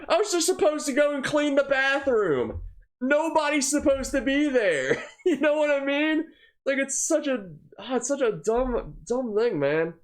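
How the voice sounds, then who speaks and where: Young male co-host, casual rant, pitch on the high side, very lively, loose and filler-heavy. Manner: rambling, heavy on fillers and "man"; exasperated. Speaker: co-host of a gaming channel. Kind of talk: casual ranting chat.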